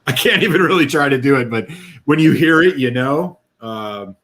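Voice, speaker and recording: Brief: easygoing male guest, mid-pitched voice, casual chat. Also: expressive, normal speed, a bit bright. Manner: easygoing, laughs often, many fillers. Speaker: guest whisky reviewer.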